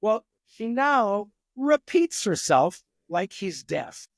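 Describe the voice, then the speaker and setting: High-voiced older man telling stories animatedly. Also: slow pace, no room sound. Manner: animated storyteller who acts out examples. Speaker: psychologist guest. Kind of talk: podcast interview.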